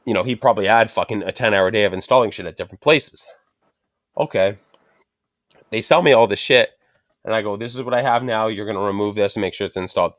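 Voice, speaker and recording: A man's voice: fairly low pitch, quick pace, no room sound, clean studio sound. A middle-aged man telling a frustrated story in casual chat, swearing constantly and ranting. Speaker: podcast host.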